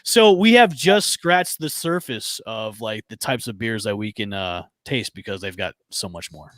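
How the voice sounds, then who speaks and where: A man hosting a sports podcast in casual chat, excitable and rambling with stammered restarts. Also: fairly low pitch, normal speed, no echo, clean studio sound. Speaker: podcast host.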